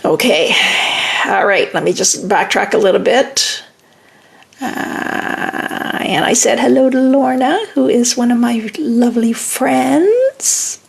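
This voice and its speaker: A woman's voice: a little high, lively intonation, slow, gravelly. A middle-aged woman hosting a live relationship-advice stream, reading viewer comments aloud and answering in an emphatic, reassuring way.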